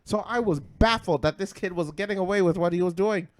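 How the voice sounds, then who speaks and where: A man co-hosting a podcast, telling a story in a casual chat, dropping to low mutters, then bursting out loud with lots of swearing. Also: brisk, no echo. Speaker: podcast co-host.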